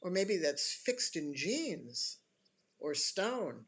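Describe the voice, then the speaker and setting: A health educator giving an instructional talk to an online audience, calm and deliberate, explaining point by point with emphatic pauses between phrases. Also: mid-range voice, breathy edge.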